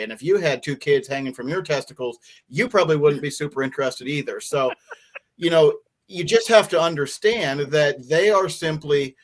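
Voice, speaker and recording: Frank male panelist giving advice. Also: on the high side. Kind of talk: casual panel discussion.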